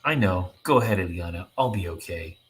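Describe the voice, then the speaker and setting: A man voicing a calm, guarded young female telepath, read aloud in a hushed, reassuring way. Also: sits low, fairly quick, a little hiss or hum.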